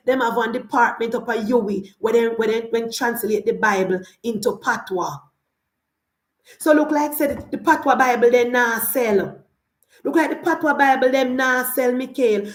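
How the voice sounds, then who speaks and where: A woman's voice: high-pitched, reverberant. A Jamaican woman giving opinionated political commentary, indignant, firing off rhetorical questions and slipping into Patois.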